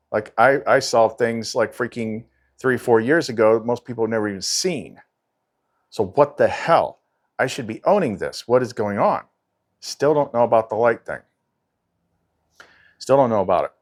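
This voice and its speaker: A man talking in a rambling, agitated casual monologue, full of fillers and frustrated asides. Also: lowish voice. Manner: agitated, rambling, frequent "like" and "freaking". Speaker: spiritual channel host.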